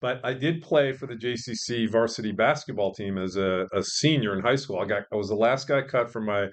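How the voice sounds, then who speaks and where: Low-voiced joking middle-aged man. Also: fairly quick. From born in England, raised partly in Israel, then the US. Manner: self-deprecating, joking, rambling with restarts. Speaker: guest, sports media veteran and professor. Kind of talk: casual podcast interview.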